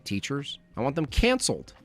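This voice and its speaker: A man's voice: mid-range voice, wildly swooping pitch, moderate pace, faint music behind. A man hosting a comedic livestream, ranting bluntly and repeating his points for emphasis. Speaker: comedic streamer host. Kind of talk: casual comedic livestream rant.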